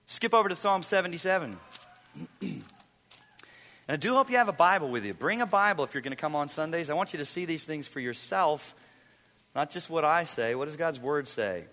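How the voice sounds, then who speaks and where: A high, bright-voiced male pastor preaching to his congregation. He drops to near-whispers, then climbs into fervent, ringing appeals. The sound carries a long hall reverb. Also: animated, fairly quick. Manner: preaching with wide swings from hushed to impassioned. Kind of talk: sermon.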